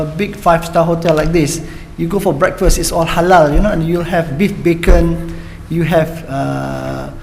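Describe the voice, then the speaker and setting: A man's voice: on the high side, creaky. An older retired man, speaking candidly on a conference panel and joking between points. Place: hotel conference hall. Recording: large hall reverb, faint background noise.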